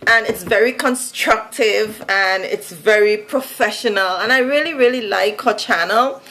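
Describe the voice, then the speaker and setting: A woman's voice: mid-range voice, measured pace, pushed and bright, rough recording. A woman from Saint Vincent with a Vincentian accent, chatting casually to camera in a sing-song, musical way and laughing often. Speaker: vlogger. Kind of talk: casual monologue.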